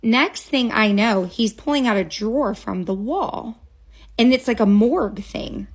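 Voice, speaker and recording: A woman's voice: on the high side, lively intonation, unhurried, slightly rough. A woman telling a childhood story straight to a phone camera, casual and dramatic, with chatty asides.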